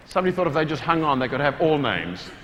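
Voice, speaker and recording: A man with a New Zealand accent giving a humorous talk to a large hall audience, animated and playful, with loud acted-out quotes. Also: on the high side, fast. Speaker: motivational speaker. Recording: reverberant hall, faint room noise.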